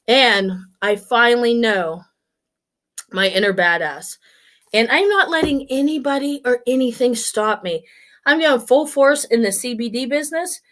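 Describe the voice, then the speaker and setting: A woman in her forties talks straight to the camera in a loose, rambling vlog style, upbeat and full of restarts. Her voice sits a little on the high side. She sounds slightly out of breath. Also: a bit bright. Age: 40s. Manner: chatty and upbeat, with many restarts and asides. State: a bit out of breath. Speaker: vlogger. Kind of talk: casual solo vlog chat.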